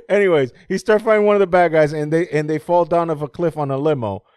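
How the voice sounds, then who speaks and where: A man's voice: a little high, a little fast, clear, resonant tone, dry recording, clean studio sound. A man chatting casually about movies, rambling, laughing often and swearing freely. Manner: animated when mocking movie scenes.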